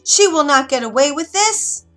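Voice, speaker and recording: A woman's voice: high voice, lively intonation, moderate pace, fairly bright tone, faint music behind, voice pushed up. A woman voicing a vain, furious evil queen who demands and shrieks in a storybook reading. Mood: raging.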